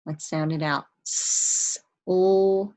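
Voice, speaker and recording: A woman leads young children through a spelling lesson. She speaks very slowly in a slightly low voice. She sounds out each word and spells it letter by letter with patient encouragement. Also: low-quality recording. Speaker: teacher.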